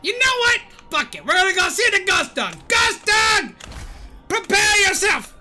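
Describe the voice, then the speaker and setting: A woman voicing a grumpy middle-aged male cartoon mad scientist, shouting and ranting over gameplay. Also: very high voice, very animated, measured pace, loud music behind the voice, exaggerated voice. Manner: shouty, ranting, self-pitying. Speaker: gaming streamer. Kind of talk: gameplay commentary in character.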